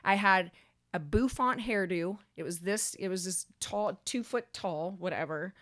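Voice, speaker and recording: A woman, co-hosting a podcast and telling a story in a casual, animated way, swearing and speeding up when excited. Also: medium pitch, unhurried, no echo, clean studio sound. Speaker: podcast co-host.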